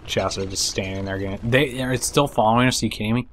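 Excitable, cursing man narrating a game. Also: lowish voice, quick pace, few pauses, a little hiss or hum. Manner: excitable, swears and laughs, talks to game creatures. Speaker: gameplay commentator. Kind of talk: casual let's play commentary.

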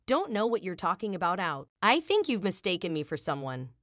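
A woman's voice: on the low side, very animated, brisk, fairly bright tone, dry recording, studio quality. A woman voicing an evasive, cheating husband who talks in a defensive, flustered way.

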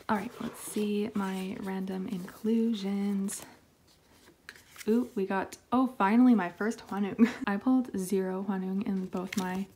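Young woman, excitable vlogger, mid pitch, chatty unboxing talk, faint hiss behind. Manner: excitable, chatty, frequent laughs and fillers. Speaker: K-pop album haul vlogger. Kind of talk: casual unboxing chat.

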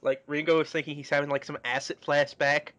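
A slightly higher-voiced man reads fan fiction aloud for a comedy podcast. He keeps interrupting the text with crude, mocking remarks in a casual, chatty manner. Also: little pitch movement, fairly bright tone, no room sound, highs cut off. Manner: mocking, crude, quick asides between read passages. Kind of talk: casual comedic group reading.

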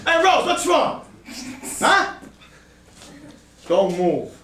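A man doing a hard, foul-mouthed neighborhood uncle who barks threats, his voice pushed high and swinging widely. The shouting rings out in an echoey hall over a noisy live recording. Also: big pitch swings, extremely slow, exaggerated voice. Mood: pushy. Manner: shouting, bullying, profane threats. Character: tough, foul-mouthed, menacing male uncle, a neighborhood enforcer. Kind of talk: one-man stage show character work.

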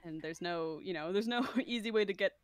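A young woman in casual livestream chat, relaxed and agreeable, explaining things plainly as a podcast producer. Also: mid-range voice, brisk, no room sound.

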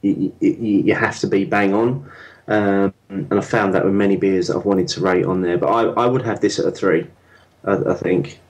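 A man's voice: deep voice, steady tone, moderate pace, poor audio. A man co-hosting a casual podcast chat about beer, chatty and prone to repeating words as he goes. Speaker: podcast co-host.

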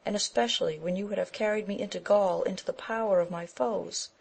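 A woman's voice: medium pitch, steady tone, a little fast, vocal fry, darkish tone. A woman reading a cold defiant lady.

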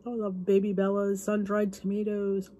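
Here a cooking channel host talks through a cookbook in a mid-range, monotone, mellow voice at normal speed, with a faint hiss or hum in the recording. She casually reads recipe titles, enthuses about the food, and now and then whispers.

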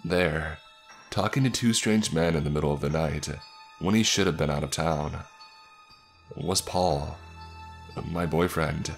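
A man reading a horror story aloud as a scripted narration, in a measured, suspenseful way. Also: extremely low pitch, vocal fry, soft background music.

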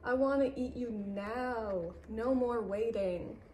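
A woman's voice: fairly high pitch, moderate pace, warm tone, slight background noise, lightly acted. A woman doing a whiny hungry little fox. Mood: whining.

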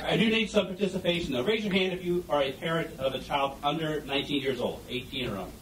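A man's voice: fairly high pitch, animated, quick pace, a crowd in the background, background noise. A man giving a humorous talk on stage about being a parent, telling stories with animation and asking the audience questions. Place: event hall before an audience. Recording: echoey room heard from a distance.

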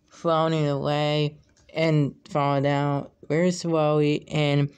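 A man casually retelling a story he made up, halting and repeating words as he goes. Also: a little high, darkish tone, clear, resonant tone. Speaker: fan storyteller.

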